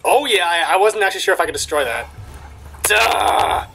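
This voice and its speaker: A young man commenting on a game he is playing, excitable, swearing, with lots of fillers. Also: high-pitched, moderate pace, vocal fry, poor audio. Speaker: gamer. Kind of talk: let's play commentary.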